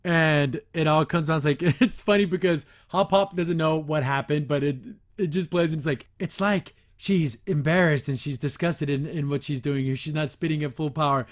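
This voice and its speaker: A man hosting a casual episode review, chatty and quick to laugh, with lots of filler words. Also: fairly high pitch, fairly even intonation. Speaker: host.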